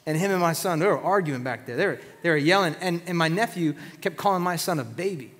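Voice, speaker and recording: High-voiced male pastor preaching in a hall. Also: quick pace. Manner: animated, conversational, emphatic. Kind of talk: sermon.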